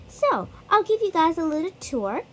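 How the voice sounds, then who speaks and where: High-voiced chatty woman gamer. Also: sing-song, normal speed, a bit bright. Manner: chatty, addresses viewers directly. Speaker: gaming YouTuber. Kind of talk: casual game walkthrough vlog.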